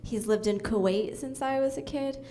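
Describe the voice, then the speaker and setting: A young woman doing a deadpan stand-up comedy set on a club stage, with many ums and uhs. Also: high voice, moderate pace, a little hiss or hum.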